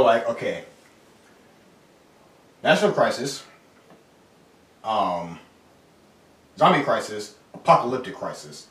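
Crude joking guy, lively voice, roomy distant mic. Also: on the low side. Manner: joking, crude, laughs a lot. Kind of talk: casual chat among friends. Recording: echoey room, from far off, faint hiss.

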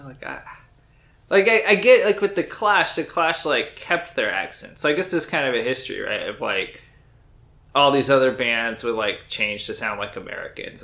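A man co-hosting a podcast, chatting casually and rambling with lots of "like" and animated asides. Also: mid-range voice, creaky. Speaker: podcast co-host. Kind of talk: casual chat.

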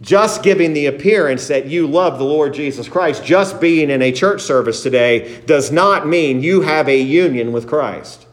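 Male pastor, slightly high voice, emphatic sermon delivery with scripture reading. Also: normal speed, few pauses. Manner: emphatic preaching, reads scripture aloud, repeats for emphasis.

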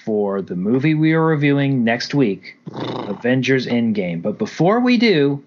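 A man talks through a film plot as a podcast co-host, animated and casual with a few swear words thrown in. His voice sits in a middle register. The recording sounds a bit dull and lo-fi. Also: mid-range voice, unhurried, a little hiss or hum. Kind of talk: casual movie review chat. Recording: dull lo-fi audio.

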